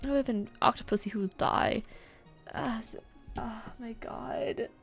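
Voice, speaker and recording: A woman's voice: a little high, a little slow, vocal fry, faint music behind. A woman hosting a casual let's-play, rambling and swearing in frustration as she plays. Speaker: gaming channel host.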